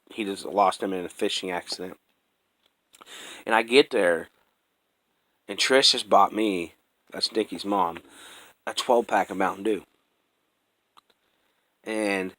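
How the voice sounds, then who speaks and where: A man's voice: lowish voice, bright, forceful tone, no room sound, low-quality recording. A young man telling his own life story in casual chat, rambling and profane with many restarts, earnest and close to emotion.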